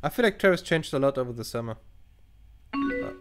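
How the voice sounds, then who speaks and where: A very animated let's play gamer with a mid-range male voice talks fairly quickly over faint background music, playing a chat-based game at home at a computer. His casual commentary mixes reading the dialogue aloud with sarcastic, crude interjections.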